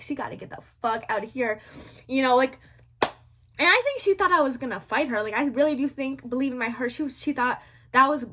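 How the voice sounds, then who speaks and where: A young woman telling a story to her viewers in a casual vlog, animated and slangy, repeating lines for drama. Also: high-pitched.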